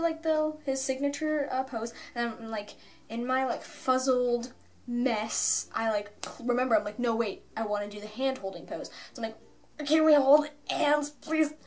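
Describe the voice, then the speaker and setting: Young woman vlogger, slightly high voice, excitable and rambling, casual storytelling. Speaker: fan vlogger.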